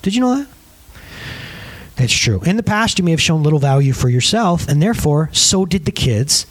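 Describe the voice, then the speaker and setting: A middle-aged man preaching a sermon to a congregation, joking and acting out the people in his stories. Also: fairly high pitch. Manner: animated, joking, acts out quotes. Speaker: pastor. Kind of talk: sermon with storytelling.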